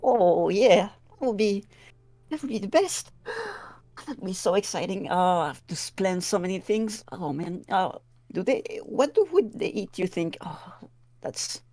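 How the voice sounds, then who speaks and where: A woman playing a tabletop game, describing her character in an excitable, hesitant way. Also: medium pitch, a little slow, dry recording. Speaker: player.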